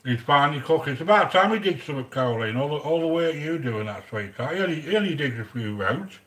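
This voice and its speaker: A man's voice: on the high side, lively intonation, fast, a bit bright. A man chatting casually while hosting a cooking vlog, rambling and joking and greeting viewers by name. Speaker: cooking channel host.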